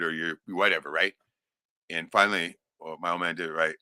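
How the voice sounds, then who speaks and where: A low-voiced middle-aged man tells a long, profane personal story in a loose, chatty way. His tone is bright and forceful, and the sound is dry and close, with little room echo. He laughs often and keeps tossing in "right?". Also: fast talker. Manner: laughs often while telling.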